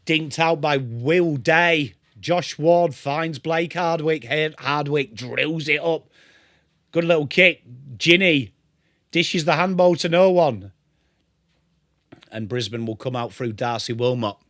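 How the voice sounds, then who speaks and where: A man's voice: a little high, slow pace, a bit bright, no room sound, clean studio sound. A young English man hosting a live football watchalong, calling the play and greeting viewers in a chatty way. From England. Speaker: livestream host.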